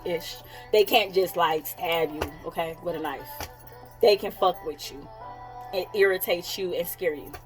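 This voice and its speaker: A woman's voice: lowish voice, a little slow, soft background music, low-quality recording. A woman in her thirties, a psychic coach, talking in a casual vlog, candid and blunt, swearing freely and often laughing. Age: 30s.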